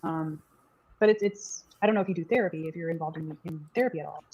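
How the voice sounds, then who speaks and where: A woman's voice: low voice, fast, a little mellow, husky, low-quality recording. A woman interviewing a guest over a video call, hesitant and playful, often restarting her sentences.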